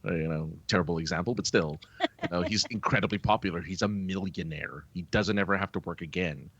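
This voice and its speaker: A man co-hosting a podcast in casual chat, animated and laughing often, with lots of fillers. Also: sits low, brisk, breathy edge, no room sound, highs cut off. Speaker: podcast co-host.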